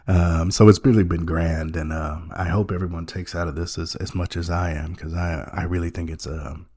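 A man with a low, husky voice hosts a podcast in a long, rambling monologue. He sounds sincere but is half joking, stalling on ums and restarting his sentences. His tone stays dark and mellow the whole way. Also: steady tone. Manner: halting, full of ums and restarts, mock-earnest. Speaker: podcast host.

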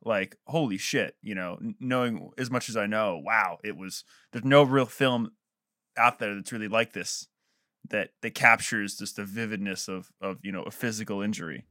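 Low-voiced man, earnest and halting. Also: bright, forceful tone, no room sound, clean studio sound. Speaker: podcast co-host. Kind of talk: casual podcast discussion.

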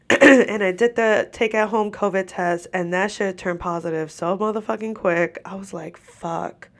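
A woman's voice: medium pitch, steady tone, normal speed. A congested, stuffy-nosed woman who is short of breath, hosting a podcast as a casual rant, swearing freely and laughing as she talks into a microphone. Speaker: podcast host. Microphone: microphone while seated.

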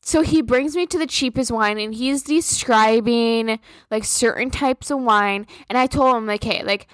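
A woman's voice: a little high, measured pace, fairly bright tone, dry recording, clean studio sound. A young woman from Minnesota hosting a podcast, telling a story in a blunt, profane, casual rant. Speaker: podcast host.

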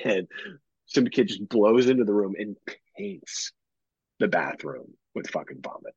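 Husky man telling a rambling story. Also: fairly low pitch, big pitch swings, unhurried, no room sound, dull audio. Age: 30s. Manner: rambling profane storytelling, many fillers. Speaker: podcast co-host. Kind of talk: casual chat.

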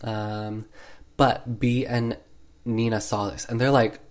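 A man's voice: medium pitch, level tone, slow. A man retelling an old film in a casual, sarcastic way, full of 'like' fillers. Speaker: movie recap host. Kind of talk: casual movie recap.

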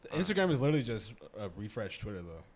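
Lively young man joking on a podcast. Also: fairly low pitch, rapid-fire. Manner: animated, jokey, playfully acts out outraged lines. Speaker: podcast guest. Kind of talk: casual chat. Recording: faint background noise.

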